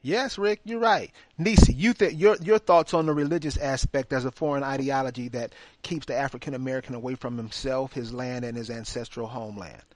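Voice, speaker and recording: Measured man hosting a call-in show. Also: medium pitch, steady tone, no echo. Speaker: host.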